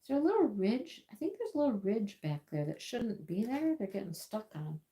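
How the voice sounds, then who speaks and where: A woman's voice: medium pitch, big pitch swings, brisk, warm tone, a little hiss or hum. A woman hosting a casual livestream from her crafting table at home, chatting in a rambling way and often repeating her words. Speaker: livestream host. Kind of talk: casual live-stream chat while crafting.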